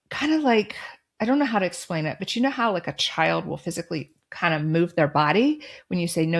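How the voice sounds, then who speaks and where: A middle-aged woman hosting a podcast, telling a personal story and giving advice in a calm, firm, direct way. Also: fairly low pitch. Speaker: podcast host.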